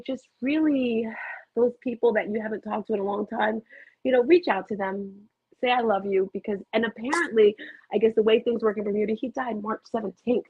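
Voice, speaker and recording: A middle-aged woman hosts a live motivational talk from home, telling stories animatedly into her computer webcam while chatting and drifting into tangents. Her mid-range voice is slightly rough, and the audio sounds tinny and phone-like, dry with no echo.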